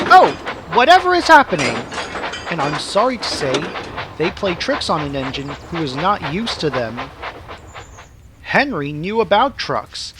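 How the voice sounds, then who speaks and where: A man narrating a children's railway storybook in a lively, expressive reading. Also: fairly high pitch, noisy background. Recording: music playing behind.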